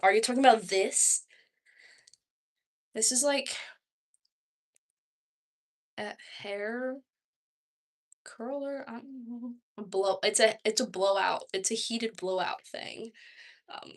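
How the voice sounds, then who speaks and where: A woman's voice: on the high side, measured pace, pauses often. A young woman around twenty with a Southern accent, chatting casually on a livestream, rambling with lots of "like" and "um". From Texas, US. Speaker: vlogger.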